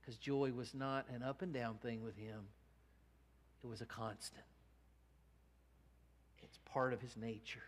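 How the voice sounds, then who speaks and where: A male pastor preaching a sermon in a church, earnest, rising from hushed to emphatic. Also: mid-range voice, level tone, a little slow, pauses often. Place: church sanctuary. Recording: long church reverb.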